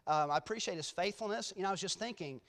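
A man's voice: sits high, quick pace, a bit bright. A man speaking as a guest preacher in a church, telling rambling, self-deprecating stories with many restarts before his sermon. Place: church sanctuary.

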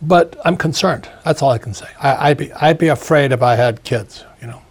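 An older man in his seventies, a husky-voiced author giving an interview, ranting emphatically and repeating phrases. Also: a little high, moderate pace. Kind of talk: opinionated interview talk.

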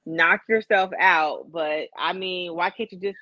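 A woman's voice: lowish voice, unhurried, pushed and bright, no room sound, muffled recording. A woman from Chicago co-hosting a casual chat, candid and profane, laughing through her stories. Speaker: podcast co-host.

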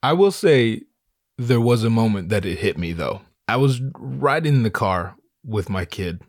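A man's voice: lowish voice, big pitch swings, moderate pace, no echo, studio quality. A man in his thirties talking in a casual solo monologue, rambling and swearing, with frequent stammered restarts.

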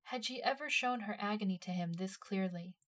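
A woman narrating a dramatic story in a measured, expressive reading voice. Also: medium pitch. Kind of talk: storytelling narration of fan fiction.

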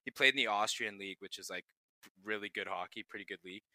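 A man's voice: lowish voice, fast talker, pushed and bright, dry recording. A young man, a pro hockey player and podcast co-host, telling profane, laughing stories in casual chat.

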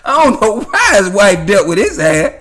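High, lively, laughing storyteller man. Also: normal speed, crowd noise. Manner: profane, laughing, rambling with many fillers. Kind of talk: casual storytelling monologue.

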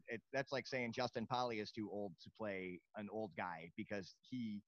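A man's voice: mid-range voice, normal speed, hardly any pauses, a bit bright, no room sound. A man hosting a podcast in casual chat, blunt and joking, swearing now and then. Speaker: podcast host. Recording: dull dry lo-fi sound.

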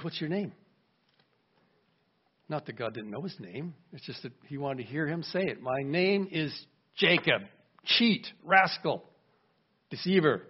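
Guy preaching a sermon, kinda high voice, acts out the quotes, dull lo-fi sound. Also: slightly rough. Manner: animated, acts out quoted voices, asks the congregation questions. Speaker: pastor. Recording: dull lo-fi recording.

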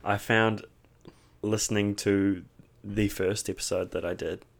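Kiwi co-host, low-pitched with vocal fry, dry deadpan humour. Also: male voice, unhurried. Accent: New Zealand. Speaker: podcast co-host. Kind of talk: casual podcast banter.

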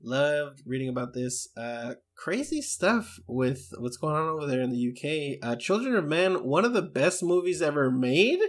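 A man's voice: a little high, very animated, normal speed, hardly any pauses. Upbeat English man co-hosting a podcast. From England. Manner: enthusiastic, chatty, with many fillers. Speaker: podcast co-host. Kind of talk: casual podcast chat, reading listener emails.

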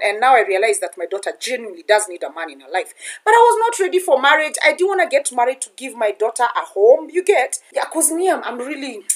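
A woman in her thirties tells a personal story in a loose, casual way, and her voice sits a little high. She swears freely and is animated. She slips into the voices of the people she quotes. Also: breathy edge.

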